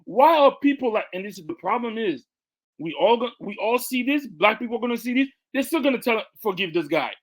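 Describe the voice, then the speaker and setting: A man's voice: very high voice, expressive, brisk. A man co-hosting a casual podcast, speaking with emphasis and repeating words as he builds his point. His delivery is loose, conversational and insistent. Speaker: podcast co-host. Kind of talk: casual commentary.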